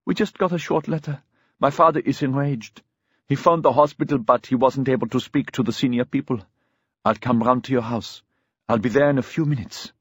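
A man's voice: medium pitch, fairly quick, husky, no room sound, studio quality, pitched above the performer's own voice, close to an everyday voice. A man voicing a grieving young woman, sobbing and breathless as she talks. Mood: distraught. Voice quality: tearful, breathless.

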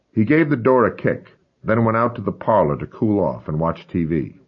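Deep, husky male memoir narrator. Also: sing-song, moderate pace, hardly any pauses, lo-fi sound. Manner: grave, intense storytelling. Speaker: audiobook narrator. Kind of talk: first-person memoir narration.

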